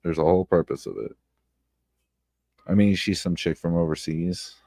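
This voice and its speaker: A man streaming blunt, profane commentary on online drama, repeating himself and breaking into loud outbursts. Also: low-pitched, moderate pace, vocal fry, dry recording, clean studio sound. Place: home streaming setup. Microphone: close streaming mic.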